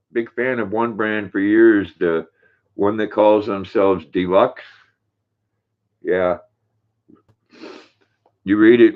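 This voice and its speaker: An older man with a fairly low voice hosts a relaxed livestream, chatting easily and cooing fondly to his dog between viewer comments. The sound is thin and tinny, like a phone call. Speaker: livestream host. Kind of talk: casual livestream chat.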